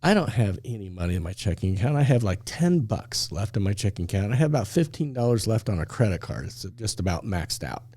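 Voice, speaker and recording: A man's voice: lowish voice, very animated, quick pace, hardly any pauses, darkish tone, breathy edge, no room sound, studio quality. A man telling a personal story on a faith talk show, acting out the dialogue and laughing often.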